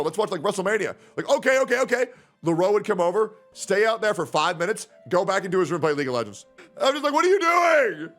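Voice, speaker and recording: A young man streaming in casual chat, animated and swearing freely. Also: mid-range voice. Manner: animated, swearing, jumps into impressions.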